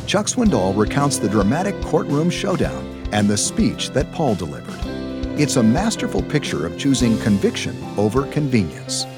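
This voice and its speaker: Brief: male announcer, scripted radio read, very animated melody, music bed underneath. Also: medium pitch. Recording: radio studio voice with music behind.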